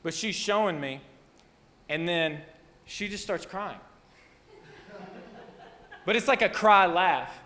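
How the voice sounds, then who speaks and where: Male pastor, high voice, chatty story-driven sermon with long hall reverb. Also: slow, pauses often, a little hiss or hum. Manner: rambling, animated, self-interrupting. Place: church hall.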